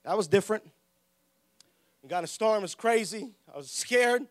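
A man preaching a lively sermon with humor, laughing often, shouting for emphasis and acting out the people in his stories. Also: sits high, moderate pace. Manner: acts out quoted voices.

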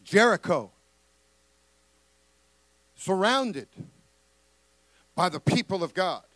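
High, lively preaching man. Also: takes it slowly, dry recording. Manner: impassioned, builds to shouting; calls on the congregation to respond. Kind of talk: sermon.

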